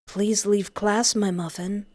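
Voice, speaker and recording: A woman's voice: medium pitch, steady tone, slow, darkish tone, no room sound. Woman reading as a clingy, obsessive young man. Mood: pleading. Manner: pleading, clingy. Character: obsessive, doting young man, a college student. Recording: background music under voice.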